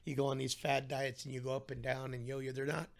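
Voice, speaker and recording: A middle-aged man, a podcast guest, telling his story in a casual interview in an animated way and acting out the voices of the people in it. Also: mid-range voice, brisk, creaky.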